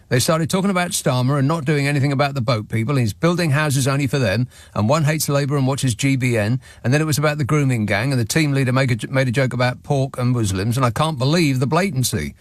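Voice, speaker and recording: A fast-talking man with a medium-pitched voice hosts a radio phone-in, reading listener messages in a sardonic, dry manner with wry chuckles. He uses a studio microphone in a radio studio, and there's no echo.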